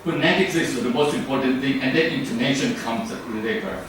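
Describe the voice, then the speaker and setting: A man's voice: mid-range voice, animated, fairly quick, fairly bright tone. A man from Thailand with a Thai accent, giving a rambling club speech full of fillers and restarts. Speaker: club speaker. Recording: very echoey room from far off, faint noise.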